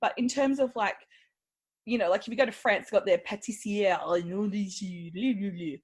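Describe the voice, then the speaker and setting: A woman's voice: mid-range voice, moderate pace, slightly rough. A woman co-hosting a podcast, chatting casually, laughing often and slipping into silly voices. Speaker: podcast co-host. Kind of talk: casual chat.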